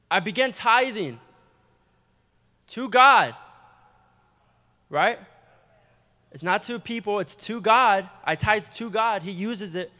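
A young adult man preaching a testimony sermon in a church, animated and storytelling, with quick asides. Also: high voice. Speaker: guest preacher giving testimony. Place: church sanctuary. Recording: long hall reverb.

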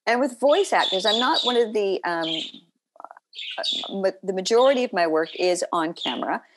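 A woman actor chatting as a podcast guest, telling stories in an animated way with laughing asides. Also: medium pitch, normal speed, background noise. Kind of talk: casual interview chat.

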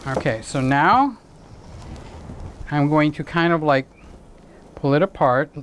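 A man's voice: takes it slowly, noisy background. A man hosting his own home cooking video, chatting playfully to viewers with joking asides. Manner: swoops into high excited exclamations. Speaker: home cooking channel host. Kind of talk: casual cooking demonstration to camera.

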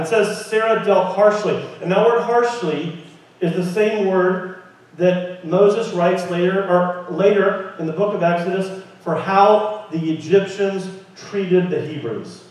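High-voiced preacher in an echoey hall. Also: male voice, a little slow. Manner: lively, conversational preaching with questions to the congregation. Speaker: pastor. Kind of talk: sermon. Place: church sanctuary. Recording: very echoey room, mic at a distance.

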